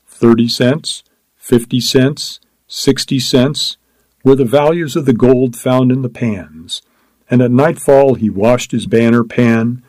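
A man narrating a story as an audiobook, in a measured, steady reading. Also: mid-range voice, no room sound, rough recording.

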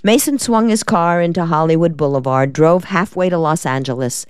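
A woman hosting a reading program, narrating an audiobook in a calm, measured way. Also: low voice, clear, resonant tone, no room sound, studio quality. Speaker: program host and reader.

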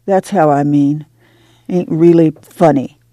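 Tired rural mother, read by a woman, firm, soothing, folksy dialect, warm dark tone. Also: low voice, fairly even intonation, slow, no room sound. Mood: soothing, weary. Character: weary, steady migrant mother. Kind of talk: dramatic book reading.

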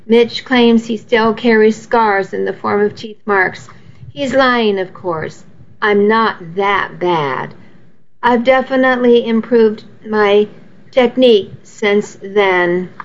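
A woman reading a first-person novel aloud in a steady, intimate way. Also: medium pitch, takes it slowly. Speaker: audiobook narrator. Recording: slightly muffled lo-fi audio.

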